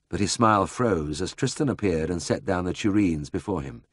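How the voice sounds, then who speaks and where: A man narrating a first-person memoir audiobook in a measured, dry storytelling manner. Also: low voice, expressive, husky, dry recording.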